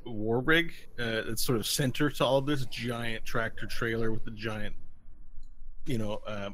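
A man narrating as game master for a tabletop game, with relaxed, rambling descriptions full of fillers. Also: medium pitch, unhurried, a little hiss or hum.

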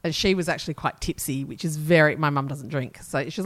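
A woman's voice: deep voice, a little fast. An Australian woman in her forties, co-hosting a podcast, telling rambling stories in casual chat and laughing often. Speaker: podcast co-host.

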